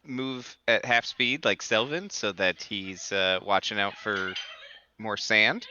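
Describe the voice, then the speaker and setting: A man's voice: on the low side, steady tone, slow, bright, forceful tone, slight background noise. A man casually playing a tabletop game, talking hesitantly with many fillers. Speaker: player. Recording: dry, dull lo-fi mic.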